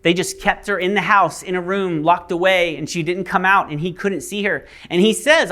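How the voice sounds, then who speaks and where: A man's voice: sits high, fairly even intonation, normal speed, few pauses, sharp tone. Casual storytelling male pastor. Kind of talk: sermon.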